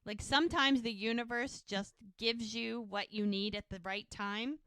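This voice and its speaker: Her voice is on the high side, steady, fairly bright, and smooth, delivered at normal speed. As a podcast co-host, she casually retells scenes from a TV episode, voicing the characters and laughing occasionally, in a dry recording of studio quality.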